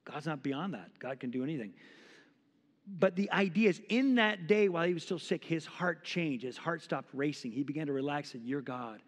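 A man's voice: fairly high pitch, expressive, normal speed, in a large hall. A man in his forties preaching a sermon as pastor, impassioned and conversational, acting out quotes. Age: 40s. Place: church sanctuary.

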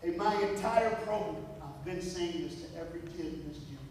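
A man's voice: a little high, brisk, darkish tone, a little hiss or hum. A man giving a motivational talk to students in a large school gym, telling stories with animation and talking straight to the kids. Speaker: motivational speaker. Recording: echoey gym heard from far off.

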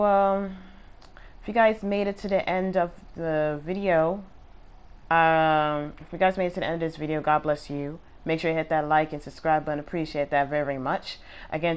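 A woman's voice: sits low, clean tone. A woman giving casual, rambling commentary over her gameplay video, with plenty of fillers. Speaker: gaming video creator.

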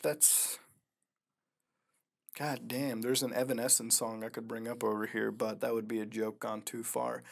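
Guy hosting a reaction video, swears a lot, goes from mumbling to yelling. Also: medium pitch, unhurried, gravelly. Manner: profane, excitable, swings from mumbling to loud outbursts. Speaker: host. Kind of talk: casual reaction commentary.

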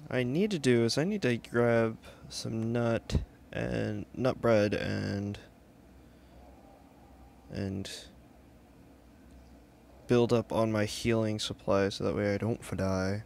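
A man's voice: fairly low pitch, slow, gravelly, pauses often, darkish tone, slight background noise. A young man casually commenting while playing a video game, laid-back and chatty, swearing now and then. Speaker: let's play host.

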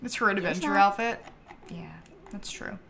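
A young woman streaming a life-simulation game, chatting excitably and talking to her characters. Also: mid-range voice, moderate pace, vocal fry, a little hiss or hum. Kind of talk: live game commentary.

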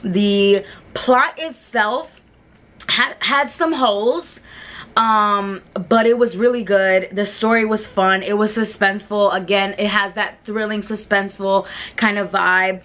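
A woman's voice: mid-range voice, fairly even intonation, measured pace, fairly bright tone. Chatty New woman rambling about shows. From New York. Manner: chatty, rambling, lots of fillers and restarts. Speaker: beauty vlogger. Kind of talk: casual chat reviewing shows.

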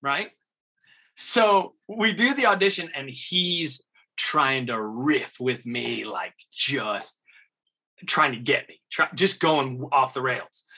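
A male actor shares an animated anecdote as an interview guest. His voice is bright and forceful at a middling pitch. He talks with easy momentum and often laughs along with his own story. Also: husky. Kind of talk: conversational storytelling.

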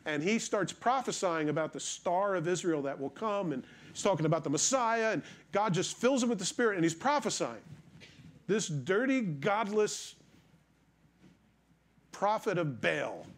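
Man preaching, higher voice, vivid storyteller, talks to his flock. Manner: storytelling, animated, addresses congregation. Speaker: pastor. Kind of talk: sermon.

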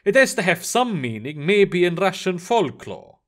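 A man's voice: high-pitched, very animated, moderate pace. A man voicing a polite, cautious Arctic station manager in a story reading.

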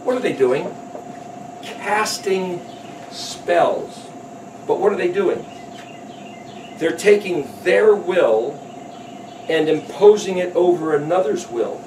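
A man giving a sermon, telling a story lively and acting out the voices of the people in it. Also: high voice, slow, long pauses, a little hiss or hum. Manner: animated storytelling, voices the characters with rising emphasis. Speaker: preacher. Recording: echoey hall, speaker far from mic.

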